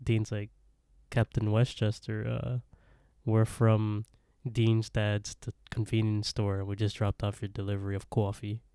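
Man, podcast co-host, slow easygoing delivery, dark mellow tone, giggly, casual recap. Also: lowish voice, monotone, clear, resonant tone, no echo, studio quality. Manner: laughs often, retells scenes in quoted voices.

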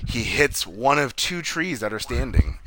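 A man's voice: medium pitch, sing-song, unhurried, a bit bright, slight background noise. A man co-hosting a casual movie review chat, loosely retelling scenes, swearing often and acting out quotes. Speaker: podcast co-host.

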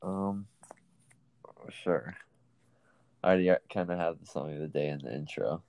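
A young man co-hosting a podcast, chatting laid-back about basketball, slangy and quick to laugh. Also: very deep voice, creaky, darkish tone, poor audio. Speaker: podcast co-host. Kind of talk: casual sports chat.

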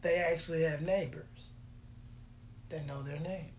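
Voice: medium pitch, steady tone, unhurried. A vlogger telling rambling stories in a casual, profane, jokey way and laughing often between lines. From Texas. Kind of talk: casual rambling storytelling monologue. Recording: echoey room with faint hum.

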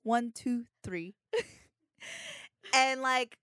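A woman's voice: on the high side, drawn-out words, a bit bright, clear, resonant tone, no echo, studio quality. A young woman co-hosting a podcast, telling a work story in casual, profane chat and laughing often. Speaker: podcast co-host.

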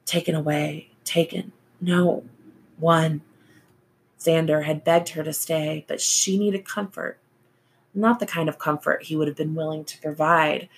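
A woman narrating a novel as an audiobook reader, in a slow, even storytelling manner. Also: low voice, vocal fry, slight background noise.

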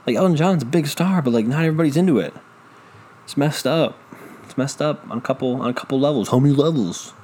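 A man's voice: medium pitch, fast talker, darkish tone, breathy edge. A man hosting a solo podcast, ranting in a profane, rambling, self-deprecating way into a microphone. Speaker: podcast host. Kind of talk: casual solo rant. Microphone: studio microphone.

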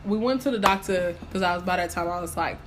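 Young woman telling a lively story. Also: fairly low pitch, fast, slight background noise. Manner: animated storytelling, acts out quotes. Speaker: guest. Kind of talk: casual chat.

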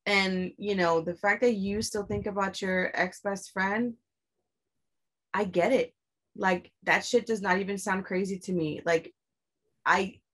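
A woman's voice: medium pitch, fairly bright tone. A young adult woman telling a personal story in a candid, blunt way, swearing often and pressing her points with emphasis.

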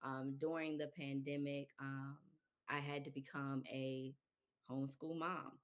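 A young adult woman, a children's book author, telling her story in an interview, lively and laughing often. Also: rumbling low, measured pace. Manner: animated, laughs often, acts out quotes.

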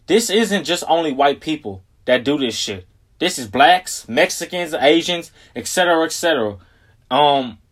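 A young man hosting his own podcast, talking casually and rambling, swearing often and slowing right down to stress key phrases. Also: on the high side, fairly bright tone. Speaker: podcast host. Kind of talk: casual solo podcast talk.

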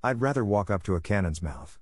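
A man's voice: on the low side, lively intonation, a little fast, slightly rough, no room sound, clean studio sound. A man voicing an eager, dramatic young girl who talks in an earnest, impulsive, pleading way.

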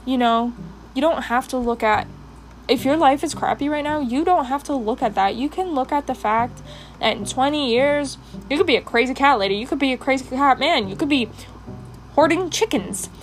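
A woman's voice: high-pitched, normal speed, slight background noise, low-quality recording. A young woman hosting a personal podcast, talking with passion and rambling with many fillers while doing her makeup. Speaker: podcast host.

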